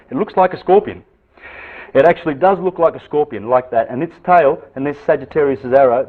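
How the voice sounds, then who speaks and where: A man giving an esoteric lecture with visual aids, lively and full of rhetorical questions and repeated phrases. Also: mid-range voice. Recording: tinny phone-like lecture recording.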